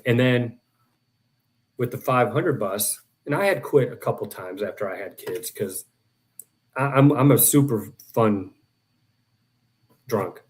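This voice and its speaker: A middle-aged man talking as a guest in a casual interview. He rambles through animated anecdotes and acts out the other people in them. His voice sits at an ordinary pitch for a man. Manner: rambling, animated storyteller acting out quotes. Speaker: guest author and professor.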